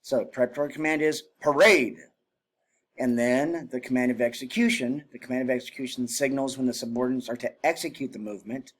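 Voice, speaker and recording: A man teaching military drill in an even, middle-pitched voice. He explains step by step in a plain, instructive way. When he demonstrates, he switches to loud, clipped drill commands. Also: a little fast. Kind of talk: spoken lesson on military drill.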